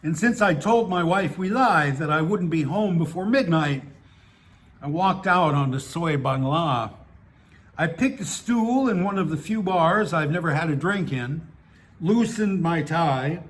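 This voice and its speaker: A man's voice: fairly high pitch, lively intonation, a little slow. A man reading his own personal essay aloud, in a wry, dryly humorous way. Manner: wry, dry humour with small laughs.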